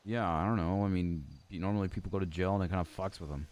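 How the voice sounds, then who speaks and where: A man's voice: low voice, steady tone, fast talker, darkish tone. A young man in a role-play game, chatting casually in character in a blunt, teasing way.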